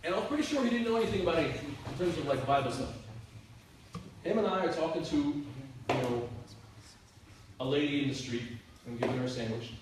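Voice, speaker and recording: A man's voice: on the high side, fairly quick, pauses often. A man, a youth minister, telling stories to a youth group in a casual, chatty way with lots of filler words. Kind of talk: youth group talk, storytelling. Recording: echoey room, mic far off, faint hiss.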